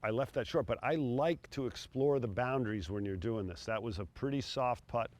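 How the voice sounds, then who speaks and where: A middle-aged man coaching putting outdoors on a green, talking in a relaxed, encouraging way between putts. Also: mid-range voice, normal speed. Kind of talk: on-course instruction.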